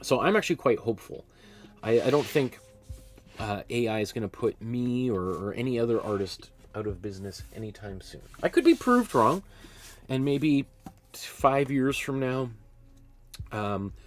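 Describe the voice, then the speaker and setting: A man's voice: medium pitch, lively intonation, normal speed, faint music behind. A man hosting a live painting class from his studio, talking in a chatty, rambling way and often laughing at himself. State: hiccups. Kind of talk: casual live-stream teaching. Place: art studio.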